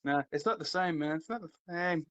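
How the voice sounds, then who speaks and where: British male co-host, higher-pitched, jokey and animated, casual chat. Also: fairly quick, dull audio, noisy background. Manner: animated, laughs often, jokey banter. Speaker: podcast co-host.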